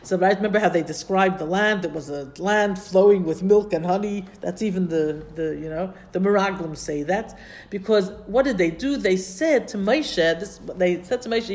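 Woman, teacher, classroom Bible lesson, explanatory, translates Hebrew terms, pauses to check notes, middle pitch. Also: darkish tone. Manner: pauses often to search her notes.

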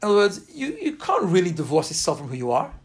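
A man's voice: high-pitched, huge pitch swings, quick pace. Earnest man teaching a faith class. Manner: earnest, emphatic, storytelling. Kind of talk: informal spoken class lecture with personal anecdotes.

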